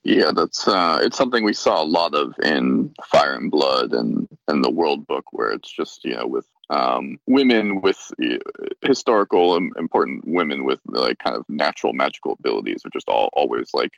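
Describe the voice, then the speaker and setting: A man's voice: a bass voice, sing-song, moderate pace, vocal fry, a bit bright, no echo, rough recording. A man discussing in a casual podcast, hesitant with many fillers. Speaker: podcast co-host.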